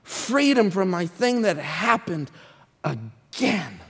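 A man preaching a sermon, swinging between shouted appeals and hushed, whispered prayers. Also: sits high, big pitch swings, slow, husky, in a large hall.

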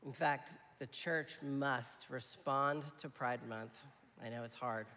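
A pastor preaches a sermon in a conversational yet emphatic style, frequently checking in with his listeners. His mid-range voice is bright and forceful, delivered slowly in a steady tone. Long hall reverb fills the recording.

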